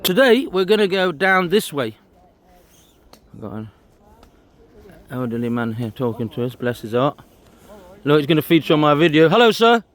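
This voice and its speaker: A man's voice: fairly high pitch, big pitch swings, normal speed, pauses often. A man giving casual walking commentary to camera outdoors, pointing out sights as he goes. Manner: chatty, pointing things out while walking outdoors. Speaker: walking vlogger. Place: outdoors on a disused railway trail.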